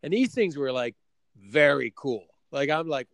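A man's voice: on the high side, animated, a little slow, gravelly, dry recording. A middle-aged man from Canada telling a story in casual chat, acting out both sides of his conversations.

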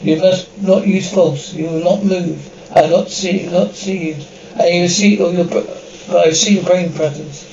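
A stern, solemn alien. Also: male voice, sits high, fairly even intonation, creaky, a little mellow, roomy sound. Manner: solemn, commanding, halting pronouncements. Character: stern commanding alien being. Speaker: alien visitor. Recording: dull distant old TV soundtrack, faint hiss.

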